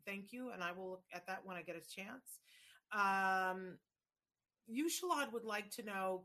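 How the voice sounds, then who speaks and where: Woman host, bright tense tone, reads viewer questions aloud in an upbeat way. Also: mid-range voice. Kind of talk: live Q&A hosting.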